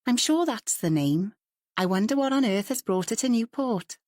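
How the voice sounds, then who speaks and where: A woman's voice: on the high side, lively intonation, normal speed, darkish tone, dry recording, studio quality, voice pushed up, lightly acted. A woman voicing a curious, outspoken woman painter who talks in a chatty, forthright way, in a storybook reading.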